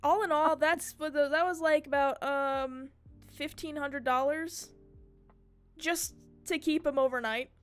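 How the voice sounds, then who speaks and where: A young woman streamer telling a story in casual chat, animated and swearing freely. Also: sits high, measured pace, soft background music. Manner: chatty and animated, swears freely, mimics her cat's screams.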